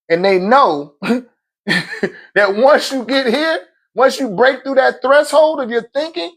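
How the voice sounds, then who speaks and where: High-voiced man preaching on a livestream. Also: slow pace, pauses often, a bit bright. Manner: preachy and laughing often, with slangy asides. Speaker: livestream host. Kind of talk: casual livestream talk. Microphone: phone.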